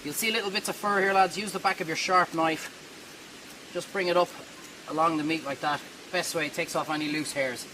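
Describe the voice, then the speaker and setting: A man's voice: fairly high pitch, fairly even intonation, brisk, background noise. A man hosting a cooking show, talking viewers through a hands-on demonstration in a chatty, reassuring way that wanders off topic.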